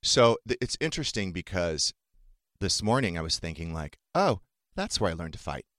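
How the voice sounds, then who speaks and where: A man's voice: deep voice, big pitch swings, normal speed, fairly bright tone, no room sound, clean studio sound. A man hosting a talk podcast, candidly and emotionally retelling a painful family fight in casual chat. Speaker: podcast host.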